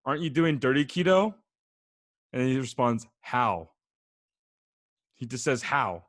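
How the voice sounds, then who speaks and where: A young man hosting a podcast, telling a story with laughter and reading text messages aloud in a flat, mocking voice. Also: medium pitch, moderate pace, dry recording, studio quality. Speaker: podcast host. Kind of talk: casual chat.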